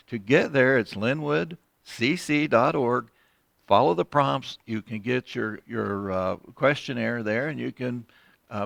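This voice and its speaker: A man's voice: lowish voice, gravelly, a bit bright, dry recording. A man hosting a casual Bible study from a recording studio, praying and reading scripture in a folksy, conversational way and correcting himself as he goes. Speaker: host and Bible study teacher.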